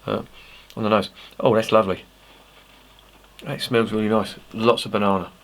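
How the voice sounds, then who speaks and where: A man's voice: on the low side, little pitch movement, moderate pace. An English man reviewing a beer on camera in a casual, rambling way, swearing freely and making self-mocking asides. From England.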